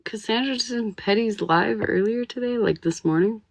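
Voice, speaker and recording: A woman's voice: a little high, normal speed, creaky, no echo. A woman making wry side comments in a casual live-stream chat over a phone.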